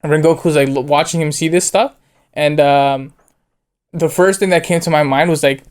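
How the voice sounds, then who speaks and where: A young man with a smooth, clear voice pitched a little high, talking casually as co-host of an anime review show. He is laid-back, full of fillers, and slips into acted-out quotes. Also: fairly even intonation, normal speed. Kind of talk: casual chat.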